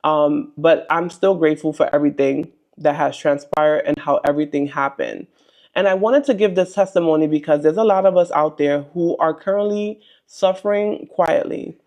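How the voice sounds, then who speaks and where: A woman's voice: low voice, normal speed, a little mellow. Earnest woman sharing a faith testimony. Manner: chatty, earnest, frequent "um" and "like".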